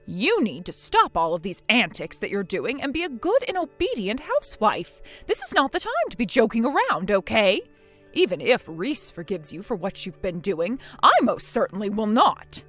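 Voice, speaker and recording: A woman's voice: mid-range voice, sing-song, normal speed, a bit bright, soft background music. A woman voicing a scornful mother-in-law. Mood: scolding. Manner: harsh, scolding. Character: scornful bossy middle-aged mother-in-law. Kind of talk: text-message drama reading.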